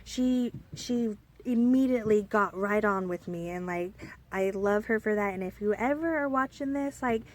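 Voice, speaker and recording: A woman's voice: mid-range voice, moderate pace. Rambling young woman telling a story. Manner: rambling and animated, with many fillers and restarts. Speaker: storyteller vlogger. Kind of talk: casual storytime.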